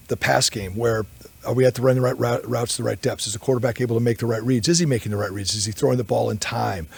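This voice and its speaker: Very raspy, fast-talking man. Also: medium pitch, no echo. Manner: rambling storyteller, candid, self-interrupting. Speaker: offensive line coach. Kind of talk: press conference answers.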